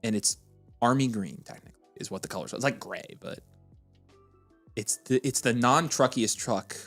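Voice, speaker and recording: A man co-hosting a casual fantasy football livestream, reading chat aloud in an animated, excitable way. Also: mid-range voice, gravelly, soft background music. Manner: animated and excitable, quick to vent frustration.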